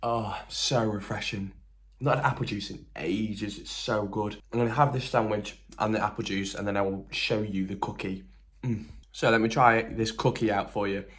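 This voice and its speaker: A man's voice: fairly low pitch, fairly even intonation, moderate pace, a bit bright. A young man, chatting enthusiastically in a casual food vlog. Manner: enthusiastic and chatty, lots of exclamations. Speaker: vlogger.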